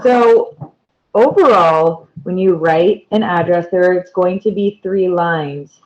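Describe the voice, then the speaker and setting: A woman's voice: fairly low pitch, slow, dull audio. A woman teacher giving a patient classroom explanation, repeating key words and pointing to examples. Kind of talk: slow, deliberate classroom explanation.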